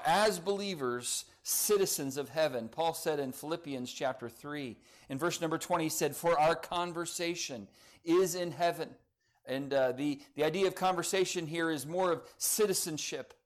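A middle-aged man preaches a sermon in an ordinary mid-pitched voice. He climbs in pitch and volume to drive home the big phrases. Between those peaks he settles into a soft, chatty tone, full of small fillers, as he tells the congregation a personal story. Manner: earnest preaching that swells on key phrases, then drops to quiet storytelling. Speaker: pastor.

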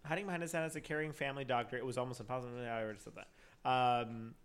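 A man's voice: medium pitch, steady tone, racing, clean tone. A man hosting a casual podcast, reading a true crime case from notes with frequent stumbles and restarts. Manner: reads notes with stumbles and restarts, laughs often. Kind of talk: casual chat.

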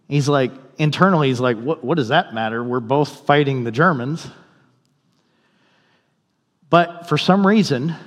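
A male pastor telling a story in a sermon, in a conversational way, and briefly voicing the people in it. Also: on the high side. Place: church sanctuary. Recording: long hall reverb.

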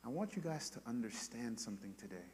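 A man preaching a sermon to a congregation, moving between loud, emphatic preaching and quiet, intimate passages. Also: medium pitch, very animated, quick pace, a little hiss or hum. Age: adult parent. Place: church sanctuary before a congregation. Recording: long hall reverb in a church.

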